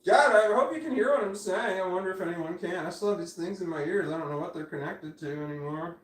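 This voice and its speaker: A man's voice: sits high, quick pace. Rambling, swearing man in his forties. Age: 40s. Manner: rambling, swearing, self-interrupting. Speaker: livestreamer. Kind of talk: casual livestream chat. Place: indoors at home. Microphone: phone camera. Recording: echoey room, off-mic.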